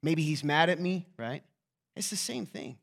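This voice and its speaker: A man preaching a sermon to his church in a conversational, joking way, asking rhetorical questions and swinging from quiet asides to loud, excited bursts. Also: fairly high pitch, unhurried, gravelly. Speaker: pastor.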